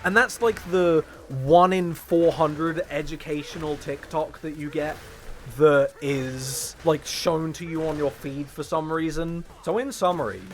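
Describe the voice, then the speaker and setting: A man streaming to his chat, hyper and rambling, swearing often, jumping between loud high bursts and low mutters. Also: fairly even intonation, unhurried, slight background noise. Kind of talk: casual stream chatter.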